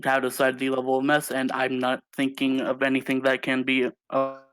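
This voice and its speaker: Guy running a tabletop game over voice chat, smooth clear voice, pretty flat delivery. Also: mid-range voice, a little fast, dry recording, poor audio. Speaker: game master. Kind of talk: narrating a tabletop role-playing game.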